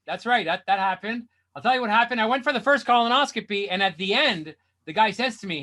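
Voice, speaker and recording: Male stand-up comic: high, bright voice that swings widely, exasperated rants that tip into shouting. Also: animated, fast talker, hardly any pauses. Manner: exasperated ranting, bursts into shouts. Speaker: stand-up comedian. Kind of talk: stand-up comedy set.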